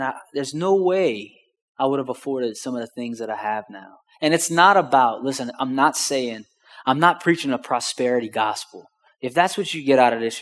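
A male pastor preaching, telling a personal story with lively acted-out dialogue. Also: medium pitch, long reverb tail. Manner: animated storyteller acting out phone calls.

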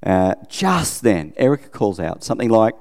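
A middle-aged Australian man delivers a casual, conversational sermon, chatting, asking his listeners questions, and poking fun at himself. His voice is lowish and darkish, with big pitch swings and a moderate pace. The sound is that of a big room.

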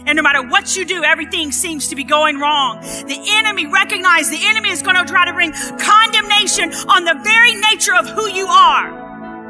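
A woman preaching a sermon at a church service. She repeats phrases for emphasis and swings from hushed, soft lines to loud, emphatic preaching. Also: very high voice, fairly quick, music in the background.

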